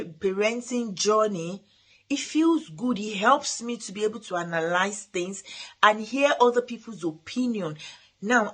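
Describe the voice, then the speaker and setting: A woman's voice: mid-range voice, fairly bright tone. A middle-aged woman hosting a parenting talk, giving earnest advice with frequent restarts. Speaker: parenting podcast host. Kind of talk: motivational talk.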